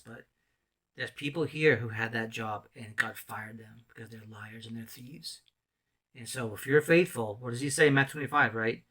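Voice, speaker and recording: A man's voice: mid-range voice, bright, forceful tone. A man in ministry giving an impassioned, rambling testimony sermon full of restarts and emotional outbursts. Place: island mission.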